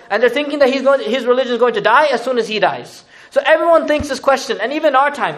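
A man preaching a sermon, talking conversationally and switching between recited Arabic verses and casual English explanation with slang asides. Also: very high-pitched. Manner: animated, uses asides and slang. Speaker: Islamic preacher.

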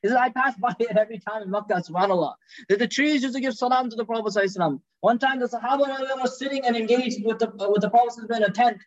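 High-voiced, fast-talking male preacher. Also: no echo. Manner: animated storytelling, quick talk with repeated restarts. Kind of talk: sermon storytelling. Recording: dull, dry lo-fi sound.

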